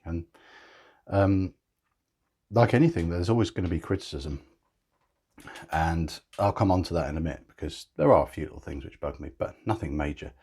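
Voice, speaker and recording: A man's voice: low voice, normal speed, pauses often, darkish tone, husky. A man narrating a casual watch review, chatty and gushing with enthusiasm.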